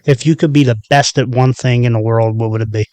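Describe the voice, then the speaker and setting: Man, from Philadelphia, podcast host, brief questions, mid pitch, dry recording. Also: steady tone, fairly quick, darkish tone, no echo. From Philadelphia area. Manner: short agreeing replies and plain questions. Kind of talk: casual interview questions.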